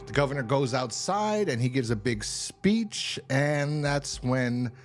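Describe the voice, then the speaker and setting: A man's voice: medium pitch, very animated, slow, faint music behind. A man casually recapping a TV episode, rambling and swearing as he acts out the characters' lines. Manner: rambling, profane, acts out quotes. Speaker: TV show reviewer.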